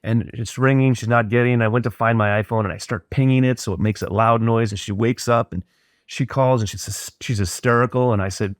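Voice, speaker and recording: A man's voice: mid-range voice, fairly even intonation, brisk, no room sound, studio quality. A middle-aged man, a podcast guest, earnestly and reflectively retelling a personal story in conversation.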